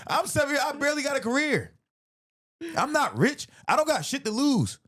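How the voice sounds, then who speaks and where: A man, a comedian hosting a podcast, in a profane, animated comedic rant, laughing often. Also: very high-pitched, normal speed.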